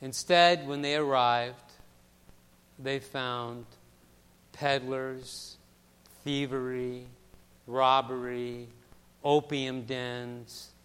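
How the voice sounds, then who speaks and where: A man preaching a sermon as pastor, telling a story that swings from hushed passages to loud, emphatic ones. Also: mid-range voice, flat delivery, drawn-out words, long pauses, smooth, big-room sound.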